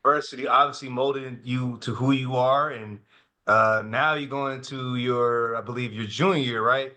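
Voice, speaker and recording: A man's voice: mid-range voice, fairly even intonation, normal speed, sharp tone. A man interviewing a guest for a TV sit-down, asking questions in an easy, conversational way.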